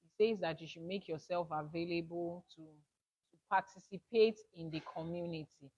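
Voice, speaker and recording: A woman's voice: fairly low pitch, normal speed, darkish tone, slightly rough. A woman leading a spiritual class, emphatic, repeating her key points and asking rhetorical questions. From Nigeria. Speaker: Ifa spiritual teacher. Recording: dull lo-fi audio.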